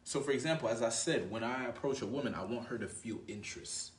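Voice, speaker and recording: This is a man in the role of a dating coach, chatting through casual advice in a slangy, conversational way, addressing the viewer as "bro" and tagging lines with "right?". He's a fast talker with a medium-pitched voice, recorded from a distance in a roomy space.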